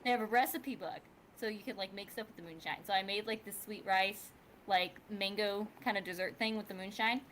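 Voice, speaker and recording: A woman's voice: medium pitch, brisk, fairly bright tone, a little hiss or hum. A woman co-hosting a livestream, chatting casually and rambling with lots of fillers into a home computer mic. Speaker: livestream co-host. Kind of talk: casual chat.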